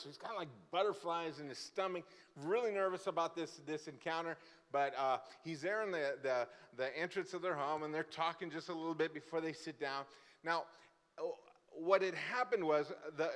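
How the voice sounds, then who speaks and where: A man from Brazil, a guest pastor, telling a funny story in a sermon and acting out the people in it. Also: a little high. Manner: lively, joking storyteller who acts out the characters. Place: church sanctuary. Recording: church hall with long reverb.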